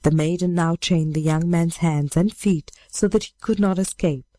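Low-voiced woman reading a fairy tale. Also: moderate pace, mellow, dry recording. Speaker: storyteller. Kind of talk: fairy tale read aloud.

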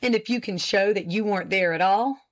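A woman's voice: mid-range voice, fairly quick, lightly acted. A woman reading the part of a friendly young man, kindly and coaxing in manner. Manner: kindly, coaxing, laughing easily. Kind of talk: audiobook character reading.

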